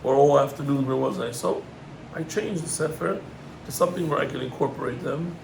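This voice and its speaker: A middle-aged man, a rabbi, gives an animated Torah lesson, climbing in pitch on emphatic points and mixing in Hebrew terms. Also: fairly quick, gravelly, noisy background.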